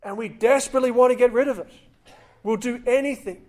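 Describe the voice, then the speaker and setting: A man's voice: very high-pitched, fast, a little mellow. A man giving a sermon, retelling a scripture story in a conversational way and acting out the voices of the people in it. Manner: acts out quoted voices, conversational. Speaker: preacher.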